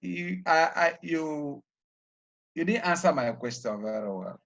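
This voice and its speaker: A male teacher leads a classroom lesson in a slightly raised voice. He spells out terms carefully and keeps pausing on "what?" for the class to finish his sentences. The recording is a bit muffled and lo-fi. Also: a little high, animated, vocal fry, fairly bright tone. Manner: prompts students by leaving sentences open with "what?"; repeats key terms slowly and deliberately. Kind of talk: classroom lecture.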